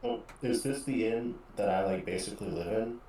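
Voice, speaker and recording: Echoey low-voiced game player man. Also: normal speed, warm tone, slight background noise. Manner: easygoing, hesitant. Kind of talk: casual chat.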